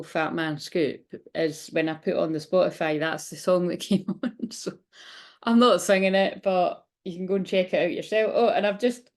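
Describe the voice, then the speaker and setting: Woman doing a tarot reading, gravelly fry in her voice, rambly and laughy. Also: deep voice. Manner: rambling, chatty, frequent laughs. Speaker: tarot reader. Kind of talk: casual channeled tarot reading.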